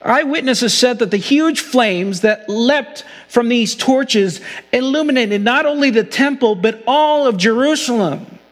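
High-voiced man preaching a sermon. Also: expressive, in a large hall. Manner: earnest preaching, slows for emphasis. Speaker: pastor.

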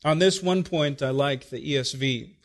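A man's voice: medium pitch, moderate pace. A man preaching an expository sermon, explaining words in a teacherly way with dry asides and frequent checks of "okay?". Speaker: pastor.

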